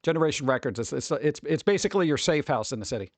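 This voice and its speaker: New guy streaming, reads chat aloud, quick to exclaim, very expressive pitch. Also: no echo. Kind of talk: casual live-stream chat.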